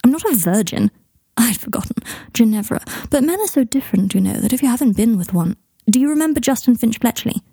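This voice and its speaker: A woman voicing an awkward, earnest young man who talks in a hesitant, hushed way in a storybook reading. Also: fairly high pitch, lively intonation, a little fast, slightly rough, no echo, clean studio sound, pitched above the performer's own voice.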